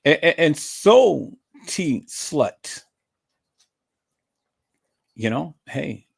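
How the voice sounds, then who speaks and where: A man's voice: on the high side, very animated, very slow, gravelly, husky. A man hosting a livestream, taunting and repetitive as he calls out a rival and greets viewers in chat. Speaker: livestream host.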